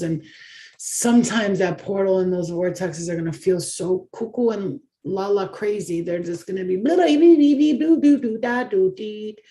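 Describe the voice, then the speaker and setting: A woman's voice: on the low side, dark tone. A woman giving a channeled tarot reading, talking in an effusive, emotional and dramatic way, with the odd swear word. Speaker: tarot reader.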